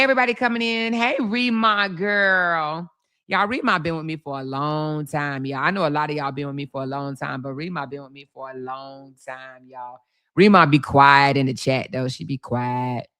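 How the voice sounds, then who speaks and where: Sassy bright-voiced woman chatting on a livestream. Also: low-pitched, clean tone. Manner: sassy, chatty, laughs often, says baby and y'all. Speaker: livestream host. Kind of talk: casual live chat, reading comments.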